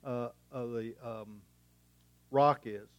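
A man's voice: medium pitch, fairly even intonation, slow pace, no room sound. A middle-aged man preaching a sermon as a pastor, in a folksy, conversational way with homespun humour and rhetorical questions.

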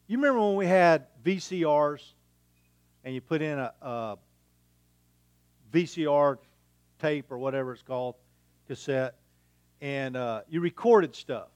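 A middle-aged male pastor preaching in a chatty, folksy manner, tossing out rhetorical questions and bits of homespun humour. His voice sits a little high for a man, and it is recorded close and dry with no room sound around it. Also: no room sound. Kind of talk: sermon.

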